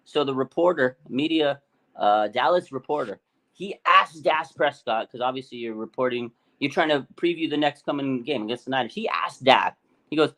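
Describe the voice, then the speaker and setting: Excitable man, casual sports chat, animated delivery, voice jumping up and down. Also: medium pitch, moderate pace. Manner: animated, hyped, acts out quotes. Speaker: podcast co-host.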